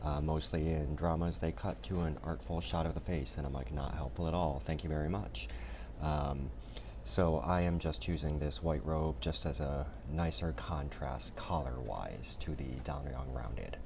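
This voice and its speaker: A man's voice: extremely low pitch, measured pace, creaky, background noise. A man vlogging as he sews and puts on historical Korean clothing, chatting casually with self-deprecating humor. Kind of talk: casual chat to camera.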